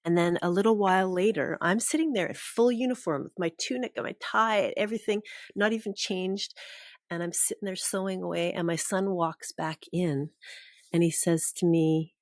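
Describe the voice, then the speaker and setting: A woman with a low voice tells a personal story as a podcast guest. Her delivery is earnest and emotional. The recording is dry, with no room sound. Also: fairly even intonation, normal speed, no room sound.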